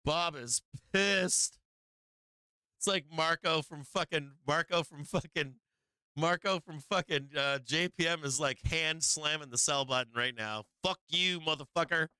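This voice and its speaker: A man hosting a live stock market stream, chatting casually with profanity, frequent laughter and sudden animated bursts. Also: a little high, unhurried, clean tone, no room sound. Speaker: stock market livestream host. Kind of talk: casual live trading commentary.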